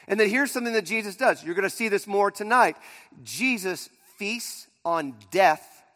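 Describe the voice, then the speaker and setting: A man with a high voice preaches a sermon in a church sanctuary. He drives some lines hard and drops others to a near hush. Long reverb hangs behind his words. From Pittsburgh area. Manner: dynamic preaching, swings from loud emphasis to near-quiet. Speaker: pastor.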